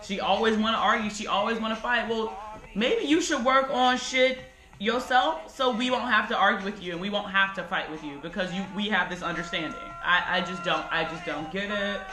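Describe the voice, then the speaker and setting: A woman in her twenties vlogging at home in a blunt, frustrated, animated way. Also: medium pitch, moderate pace, roomy sound, faint music behind, low-quality recording. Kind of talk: casual talking-head vlog rant. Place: home bedroom corner.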